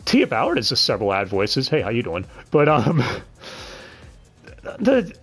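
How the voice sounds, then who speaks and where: A man's voice: mid-range voice, a bit bright. A man hosting a casual podcast review, blunt and swearing, with sudden bursts of disbelieving exclamation. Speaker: podcast host reviewing an anime dub.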